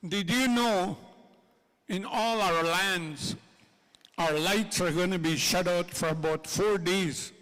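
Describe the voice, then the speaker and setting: A man's voice: sits high, slow pace, a bit bright. Impassioned man speaking in a reverberant hall. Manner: impassioned, repetitive, addresses the audience directly. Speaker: speaker at a treaty gathering. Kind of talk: public speech to a gathering.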